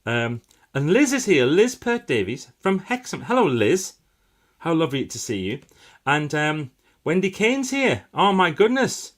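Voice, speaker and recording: A man's voice: on the high side, big pitch swings, unhurried. A man hosting a casual live stream, chatting upbeat with viewers and breaking into bursts of enthusiasm.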